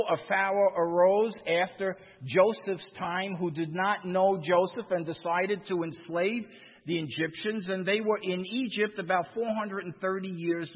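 A man preaching from the pulpit, his voice pitched a little high and slightly husky. He pushes key phrases with emphasis and says some of them twice. The sound is dull, with a long echo as if in a large church. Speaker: pastor. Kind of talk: sermon.

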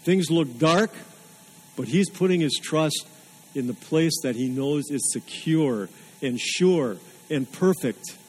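Earnest preaching man, fairly high voice. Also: animated, slow, darkish tone, breathy edge, poor audio. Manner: earnest, emphatic preaching with repetition. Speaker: pastor. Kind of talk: sermon.

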